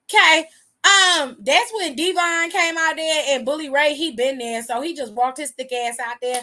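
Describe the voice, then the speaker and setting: A woman's voice: high-pitched, normal speed, sharp tone. A woman hosting a casual wrestling recap, talking in a sassy, profane, slangy way.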